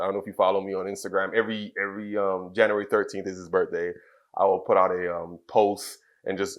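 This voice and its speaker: A Trinidadian man in his thirties, a wrestler appearing as a guest, tells a personal story during an interview. His voice is fairly low and soft, and he speaks haltingly, full of fillers and false starts.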